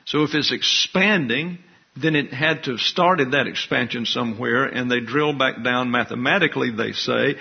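A man's voice: mid-range voice, breathy edge, lo-fi sound. An older man preaching a sermon, folksy and teasing, with asides to the congregation. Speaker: pastor.

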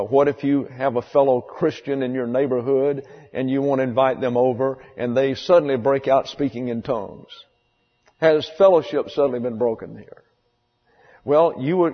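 A man preaches in an easy, conversational way, repeating his key phrases to drive them home. His voice carries a long reverb, as in a church sanctuary. The recording sounds dull and lo-fi. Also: mid-range voice. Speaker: pastor. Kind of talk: sermon.

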